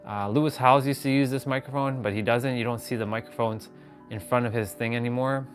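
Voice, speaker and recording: A man's voice: medium pitch, a bit bright. Guy rambling on a phone livestream at home, mid voice, bit of music behind. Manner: rambling, chatty, greets viewers by name. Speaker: vlogger. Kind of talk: casual live-stream chat. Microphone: phone on gimbal.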